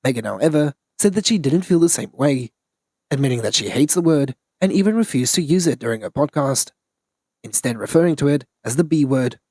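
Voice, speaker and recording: A man reading scripted news narration in an even, read-aloud delivery. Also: a little high, fairly quick, no room sound.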